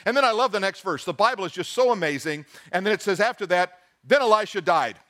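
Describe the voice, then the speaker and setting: A pastor preaching a sermon, reading scripture aloud and asking the congregation questions with emphasis. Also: male voice, high-pitched, animated, fast talker, pushed and bright.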